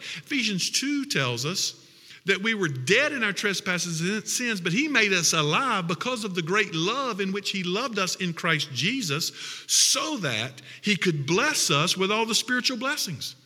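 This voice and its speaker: A man's voice: high voice, sing-song, normal speed, bright, forceful tone, breathy edge, big-room sound. A man preaching a sermon as pastor, repeating phrases for emphasis.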